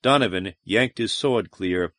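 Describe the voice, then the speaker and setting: A man reading an audiobook aloud, with a measured, deliberate delivery, recorded close on a studio mic. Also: lowish voice, fairly bright tone, no echo. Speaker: audiobook narrator. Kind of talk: scripted narration.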